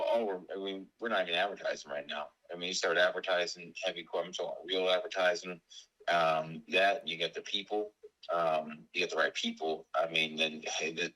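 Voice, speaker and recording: A man's voice: deep voice, sharp tone, poor audio. A man in his forties who owns a business, talking in a rambling way with lots of fillers and restarts. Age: 40s. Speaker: business owner selling his company. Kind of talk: casual business call.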